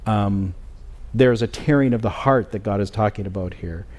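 A middle-aged man preaching a sermon as pastor in a church, earnest and halting, with many fillers and restarts. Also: fairly low pitch, darkish tone. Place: church sanctuary.

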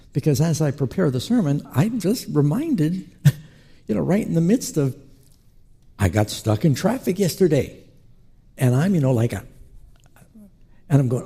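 Man, pastor, sermon, very dark mellow tone, husky, acts out quotes. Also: a little high. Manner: animated storytelling preacher who acts out quotes.

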